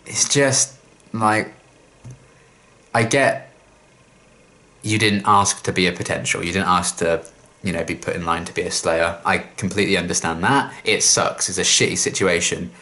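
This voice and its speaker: A young man with a lower voice, ranting in an exasperated, sweary way about a TV episode he reacts to. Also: bright, forceful tone. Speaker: reaction video host. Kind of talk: casual reaction rant.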